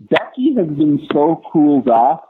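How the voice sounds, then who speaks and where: A man's voice: a little high, sing-song, slow pace. A man hosting a casual wrestling podcast chat, giving emphatic, opinionated takes. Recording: tinny phone-like line with faint hiss.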